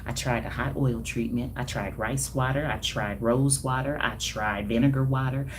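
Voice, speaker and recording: A hair stylist and brand owner from Denver, Colorado talks casually and emphatically to livestream viewers, dropping sassy, colloquial asides and chuckles. Her voice rumbles low with fairly even intonation at a normal speed, with background noise present.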